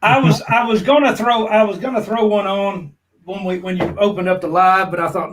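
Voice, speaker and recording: A man's voice: high voice, fairly even intonation, a little fast, noisy background. A man, co-hosting a casual live-stream chat in a folksy, joking way. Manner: folksy, jokey, calls people brother. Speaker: prepping channel co-host.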